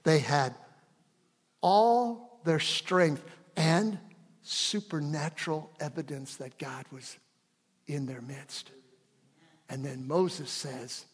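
A man preaching a sermon, shifting from loud, impassioned peaks to hushed, prayerful passages. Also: fairly high pitch, takes it slowly, long pauses, slightly rough. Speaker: pastor. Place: church sanctuary. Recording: long reverb of a large hall.

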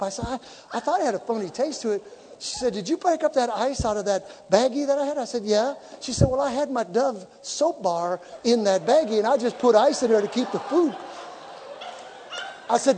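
A man preaching a sermon, telling stories and acting out dialogue, sometimes shouting for emphasis. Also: extremely high pitch, lively intonation, brisk, slight background noise. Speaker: pastor. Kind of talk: sermon with storytelling. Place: church sanctuary. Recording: hall reverb.

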